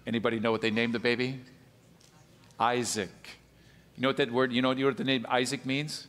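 A man pastor preaching a sermon, animated, swinging between emphatic high peaks and quiet, low asides. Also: fairly quick, pauses often. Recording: long hall reverb.

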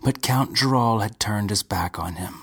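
A man reading a short story aloud in a measured, unhurried way. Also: lowish voice, creaky, fairly bright tone, slightly rough. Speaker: narrator.

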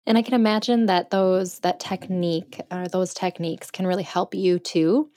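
Lower-voiced mother reflecting. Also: steady tone, normal speed, warm tone, no echo, clean studio sound. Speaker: guest mother. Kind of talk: casual conversation.

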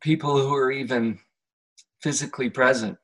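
A man hosting a podcast conversation, speaking in a slow, reflective coaching manner. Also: medium pitch, steady tone, fairly bright tone. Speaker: podcast host. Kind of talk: conversational interview.

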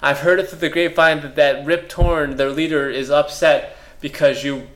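A man's voice: a little high, steady tone, normal speed, a bit bright, natural voice. A man voicing a rambling, earnest male CIA mentor who lays out a mission, in a comedy podcast bit.

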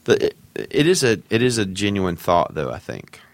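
A man's voice: fairly low pitch, sing-song, no echo. A man co-hosting a podcast, teasing and joking in casual chat. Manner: joking, quick to tease. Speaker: podcast co-host.

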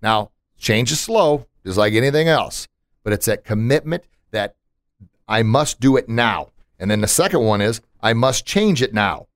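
A man's voice: medium pitch, lively intonation, moderate pace, no echo, clean studio sound. A man hosting a podcast in casual chat, emphatic and motivational, with punchy asides. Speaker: podcast host.

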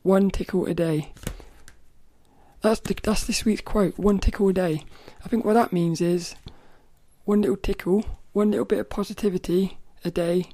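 A woman's voice: medium pitch, steady tone. A woman hosting a casual solo podcast, chatting playfully with many restarts and sometimes reading aloud from a children's book. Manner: chatty and playful, with frequent self-corrections; reads quoted passages louder and slower. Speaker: podcast host.

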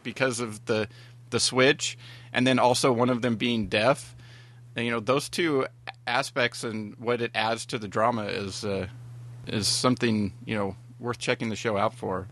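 Bright-toned rambling man. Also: medium pitch, fairly even intonation, normal speed. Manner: rambling, many fillers and restarts. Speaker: podcast co-host. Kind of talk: casual TV review chat.

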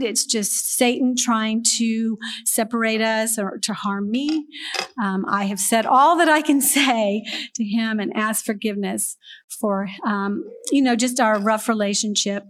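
An older woman sharing a personal testimony with a group, speaking in an earnest, halting way with restarts and soft laughs. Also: a little high.

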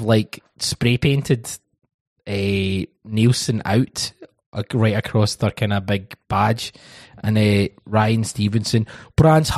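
A Scottish man hosting a casual football podcast, laughing and swearing through quick banter. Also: lowish voice, darkish tone, no echo. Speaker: podcast host.

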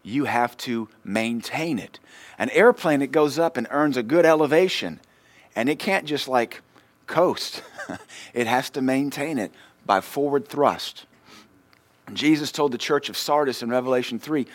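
A male pastor, preaching a sermon and telling a personal story in a lively way, swinging between loud and quiet. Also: mid-range voice, a little slow.

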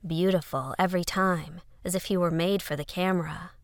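A woman's voice: on the low side, fairly even intonation, brisk, no echo, clean studio sound. A woman narrating an audio fiction story in a conversational first-person letter style.

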